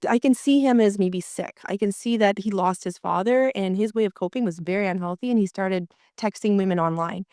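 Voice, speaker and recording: As a guest in a conversation, a marriage coach walks through her methods with animation, voicing inner thoughts aloud. She talks a little fast with few pauses at a medium pitch, recorded in a clean studio with no room sound.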